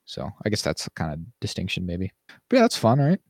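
A man's voice: low-pitched, huge pitch swings, fairly quick, darkish tone, no echo, clean studio sound. A man co-hosting a podcast in casual chat, ranting animatedly and mimicking people he quotes. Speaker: podcast co-host.

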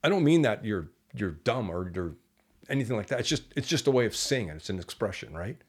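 A man with a fairly deep voice, telling casual stories as a guest in a conversation. He talks in a lively, rambling way and acts out the voices of the people he quotes. He sounds relaxed and candid. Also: brisk, breathy edge. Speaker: entrepreneur guest. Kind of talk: casual storytelling interview.

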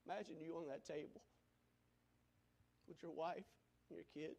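Man, preacher, sermon, high voice, loud then hushed, dramatic delivery. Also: steady tone, normal speed, vocal fry, pauses often. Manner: swings from loud preaching to hushed near-whisper.

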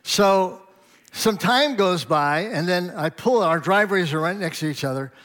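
Man, middle-aged, pastor, sermon storytelling, chatty, chuckling, slightly high voice. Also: expressive, normal speed, fairly bright tone. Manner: conversational, anecdotal, with chuckles and quoted dialogue.

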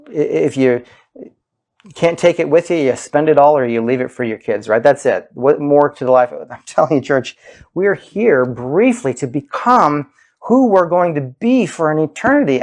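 Male pastor, gravelly, unhurried sermon delivery with big swings between high quotes and hushed asides. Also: lively intonation. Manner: slow, emphatic preaching, soaring high when quoting, dropping low and soft.

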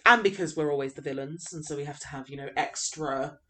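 A young woman co-hosting a podcast in casual chat, with dry teasing and many quick affirmations. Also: low-pitched, a bit bright. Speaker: podcast co-host.

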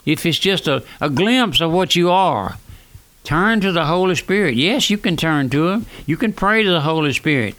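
A man, preaching a fervent radio sermon that swings between raised and hushed lines. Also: on the high side, big pitch swings, normal speed. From South Louisiana. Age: 90s.

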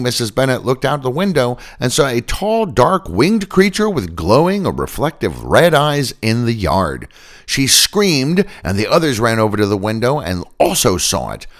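A man hosting a podcast, telling a strange tale in scripted narration with dry asides. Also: deep voice. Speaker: podcast host.

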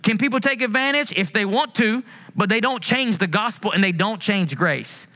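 Bright, high-voiced preaching man. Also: normal speed. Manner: preaching with animated swings, rising passionately and drawing out quotes. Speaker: pastor. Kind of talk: sermon.

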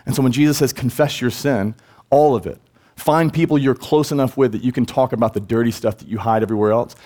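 A man's voice: medium pitch, quick pace, mellow. A man preaching a church sermon. He speaks earnestly, pushes his voice up for emphasis, and acts out the words he quotes. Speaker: pastor. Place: church sanctuary.

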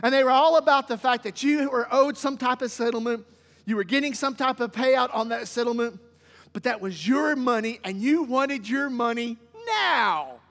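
A pastor delivering a sermon with a strikingly high voice for a man. He drives points home by repeating phrases. His words ring out with a long church reverb behind them. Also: fairly quick, a bit bright. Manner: emphatic preaching with repeated phrases. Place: church sanctuary.

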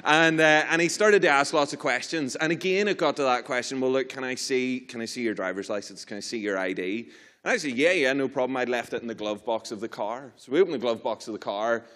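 A young man with a Northern Irish accent gives a sermon. He tells a funny story, mocks himself and acts it out with lively swings of voice before turning to a spiritual point. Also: medium pitch. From Northern Ireland. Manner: animated, self-mocking storyteller. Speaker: preacher.

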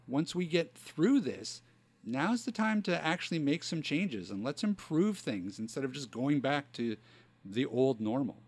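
A man co-hosting a casual podcast, talking in an earnest, relaxed way full of filler phrases. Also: medium pitch. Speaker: podcast co-host. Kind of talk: casual chat.

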